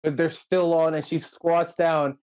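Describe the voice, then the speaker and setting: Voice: mid-range voice, unhurried, smooth. A podcast co-host casually recapping a movie, acting out the characters' lines. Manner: animated storytelling, acts out characters' lines.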